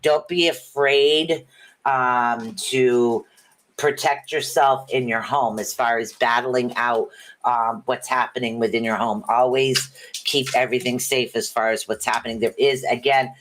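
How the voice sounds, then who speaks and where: A woman's voice: very deep voice, steady tone, a little slow. Chatty woman giving tarot readings. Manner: chatty, rambling, with many fillers and restarts; upbeat and encouraging. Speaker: tarot reader hosting a livestream. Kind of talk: casual livestream chat and tarot readings.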